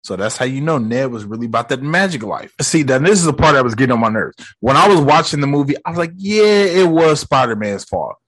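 A man giving a casual, slangy, animated movie recap as a video host. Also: mid-range voice, fast, hardly any pauses, no room sound.

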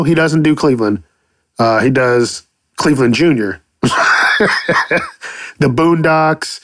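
A podcast host delivers a casual solo monologue on voice acting, profane and rambling, cursing freely and doing playful silly voices. His mid-range voice comes through in a dry, studio-quality recording.

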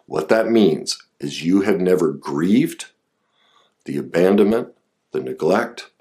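Deep-voiced earnest self-help speaker, man. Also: expressive, slow, a little mellow. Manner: earnest, coaching, rises sharply when voicing anger.

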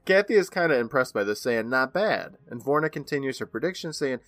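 A man's voice: mid-range voice, lively intonation, a little fast, fairly bright tone, dry recording. A man in his thirties co-hosting a podcast, eagerly retelling an episode in casual chat and laughing often. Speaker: podcast co-host.

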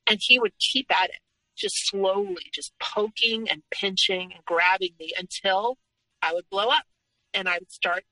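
A woman's voice: fairly low pitch, pushed and bright, no room sound, low-quality recording. A woman speaking as an interview guest, telling her personal story frankly and candidly in conversation.

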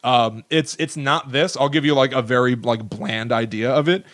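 A man's voice: mid-range voice, normal speed, a bit bright, no room sound, studio quality. A man co-hosting a podcast, chatting casually in a rambling way, full of "like" and restarts. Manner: rambling, many likes and restarts. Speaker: podcast co-host. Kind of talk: casual chat.

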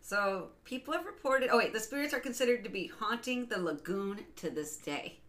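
A woman co-hosting a casual podcast, rambling and quick to laugh as she tells stories. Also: fairly high pitch, lively intonation, fairly bright tone. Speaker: podcast co-host.

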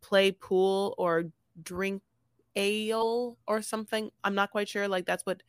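A woman's voice: mid-range voice, steady tone, a little slow, clean tone, dry recording, clean studio sound. A woman co-hosting a podcast, chatting casually and rambling in a gushing way, with restarts and the odd swear. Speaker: podcast co-host. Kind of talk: casual chat recap.

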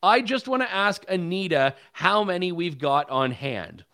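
A man giving sarcastic, animated political commentary. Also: high-pitched, unhurried. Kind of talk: opinion commentary.

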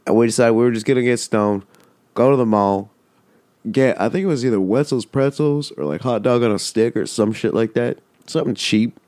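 A man's voice: mid-range voice, brisk, darkish tone, no echo. A man casually telling a story, rambling and swearing, with lots of "like". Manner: rambling, profane, full of "like".

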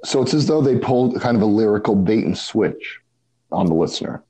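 A man's voice: on the low side, lively intonation, dark tone, breathy edge, low-quality recording. A man co-hosting a casual music podcast, talking thoughtfully with many restarts. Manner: thoughtful, halting, with frequent restarts. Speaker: podcast co-host.

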